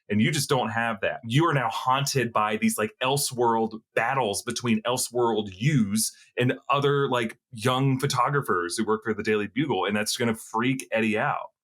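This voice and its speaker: A man's voice: mid-range voice, fairly bright tone. Rambling man chatting about movies. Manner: rambling, filler-heavy, frequent "like" and restarts. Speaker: co-host. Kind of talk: casual pop-culture discussion.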